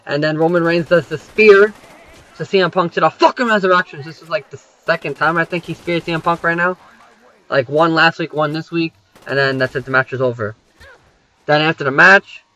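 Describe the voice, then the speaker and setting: A man's voice: fairly high pitch, a little fast, pushed and bright, poor audio. A young man rambling through a wrestling recap over gameplay, swearing freely and filling gaps with "you know" and "um".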